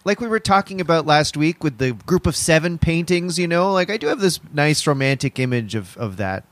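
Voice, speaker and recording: A man co-hosting a comedy podcast in loose, joking chat. He laughs a lot, and his fairly high voice swings widely in pitch. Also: a little fast, no room sound. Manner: animated, laughs often, jokey. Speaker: podcast co-host.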